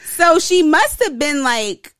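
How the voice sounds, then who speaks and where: A woman co-hosting a casual podcast, a little tipsy, telling a story in an animated way. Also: high voice, slow, dry recording, studio quality. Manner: animated storytelling, reads out posts with emphasis. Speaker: podcast co-host. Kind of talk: casual chat.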